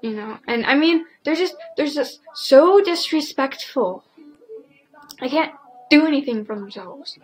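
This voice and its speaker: A teenage girl ranting casually to camera, rambling and indignant, filling every pause with "like". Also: high-pitched, expressive, low-quality recording. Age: teens. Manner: rambling, packed with "like" fillers; indignant, opinionated. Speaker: vlogger.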